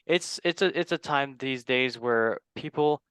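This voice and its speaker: A man hosting a casual football podcast, rambling and making fun of himself, often trailing off quietly. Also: mid-range voice, measured pace, clean tone, no echo. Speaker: podcast host. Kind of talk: casual chat.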